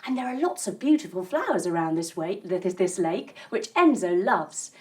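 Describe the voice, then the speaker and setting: A woman telling a yoga story for children in an animated, sing-song and encouraging way. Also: on the low side, moderate pace, husky. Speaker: kids yoga instructor and storyteller.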